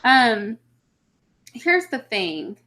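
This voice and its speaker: A woman speaks in a slightly high voice with big pitch swings and drawn-out words, her tone bright and forceful. She's an adult mother of children hosting a casual livestream, answering viewer comments in a blunt, opinionated way.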